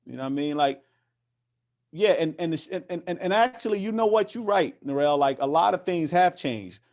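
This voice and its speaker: A man's voice: a little high, lively intonation, moderate pace, a little mellow. Passionate man with many restarts. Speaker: interview guest, activist. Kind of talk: casual conversational interview.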